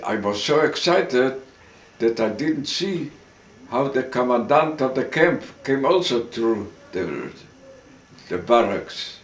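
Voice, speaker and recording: An older man giving oral history testimony as a survivor, telling his story slowly and haltingly with restarts and occasional coughs. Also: medium pitch, far from the mic. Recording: roomy sound, speaker off-mic.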